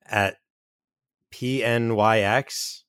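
A man's voice: fairly low pitch, steady tone, very slow, a bit bright, clean tone, dry recording, studio quality. A man co-hosting a casual movie podcast, rambling and often searching for the right word. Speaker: podcast co-host. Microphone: home mic over online call.

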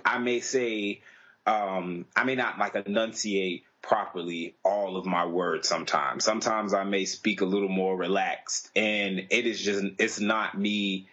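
Male podcast co-host, low husky voice, earnest rambling delivery, lo-fi sound. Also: fairly bright tone. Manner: earnest, rambling, restarts often. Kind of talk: casual discussion. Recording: dull lo-fi podcast audio.

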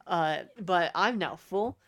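A man's voice: high-pitched, lively intonation, slow, fairly bright tone, dry recording, clean studio sound. A young man co-hosting a podcast, chatting casually, joking and swearing as he rambles. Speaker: podcast co-host. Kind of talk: casual chat.

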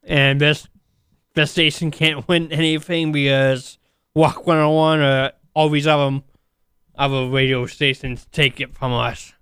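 Man, radio co-host, short agreeable answers, smooth dry sound. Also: fairly high pitch, steady tone, a little slow, fairly bright tone, no room sound. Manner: brief, agreeable replies. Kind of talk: casual radio chat. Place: radio studio.

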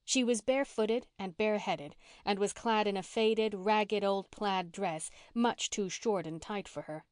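A woman reads a classic novel aloud in an even, measured way, with her pitch sitting in a middle range. The recording is close and dry, with no room sound around her voice. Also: dry recording. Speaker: audiobook narrator. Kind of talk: scripted narration.

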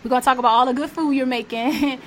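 A woman's voice: sits high, steady tone, fast, a crowd in the background. A woman hosting a podcast, chatting enthusiastically with her guest and laughing often. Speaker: podcast host. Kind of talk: casual interview chat.

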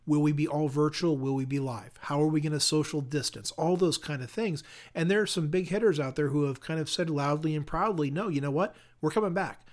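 A man's voice: a little high, brisk, a little mellow. A middle-aged man hosting a solo podcast, coaching listeners on customer service in an upbeat, question-filled way.

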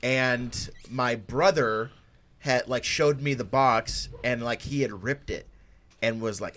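Relaxed man telling a rambling story. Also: medium pitch, measured pace, a little hiss or hum. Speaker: podcast co-host. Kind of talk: casual storytelling.

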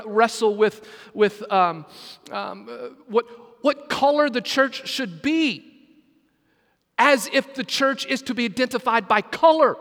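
A man's voice: very high-pitched, fairly bright tone, in a large hall. A man, a senior pastor, preaching a sermon with emphatic delivery and asides that call on the congregation. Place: church sanctuary.

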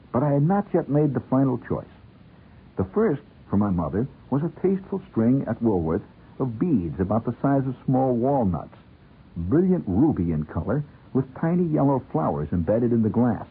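A very deep-voiced man tells a wry, animated story. His pitch swings widely as he puts on voices. The sound comes through a thin, phone-like old radio broadcast with faint hiss. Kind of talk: first-person storytelling.

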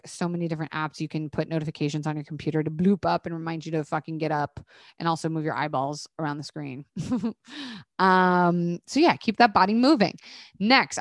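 A woman's voice: on the low side, no room sound. Chatty, sweary woman podcast host, dry sound. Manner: chatty, bubbly, swears casually. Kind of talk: casual solo podcast chat with ad reads.

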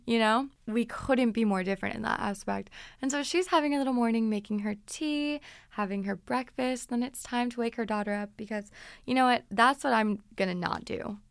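A woman's voice: on the high side, normal speed, creaky, smooth, no room sound, clean studio sound. A woman in her twenties casually telling stories from her teens as a podcast host, chatty and dramatic. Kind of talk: casual storytelling.

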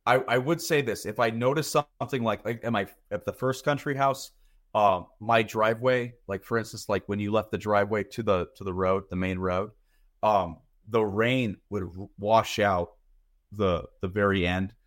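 A man's voice: fairly low pitch, steady tone, moderate pace. A man in his thirties, a podcast guest talking casually and rambling, often repeating words as he thinks. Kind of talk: casual chat.

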